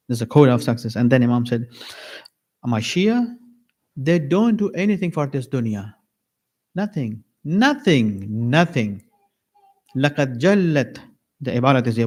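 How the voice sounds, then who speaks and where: Man preaching an animated sermon. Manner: animated, acts out little dialogues with varied pitch. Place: mosque lecture hall.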